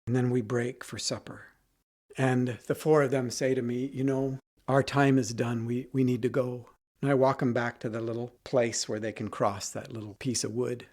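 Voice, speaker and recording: A man hosting his own podcast, telling a personal story and acting out quoted dialogue with lively shifts in voice. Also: mid-range voice, normal speed. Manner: retells scenes, quoting dialogue in lively voices. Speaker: podcast host.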